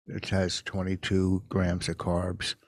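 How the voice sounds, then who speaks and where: A man co-hosting a podcast in casual chat, talking bluntly with deadpan quips into a close mic. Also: low-pitched, slow, no echo. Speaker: podcast co-host.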